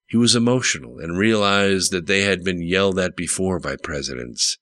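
A man narrating a political thriller audiobook in a steady, measured way. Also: deep voice, no room sound. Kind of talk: scripted narration.

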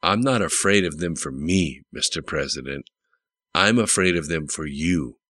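A man's voice: rumbling low, expressive, normal speed, a bit bright, dry recording, heavily acted. A man reading the lines of a stern, blunt, battle-hardened male general in an audiobook.

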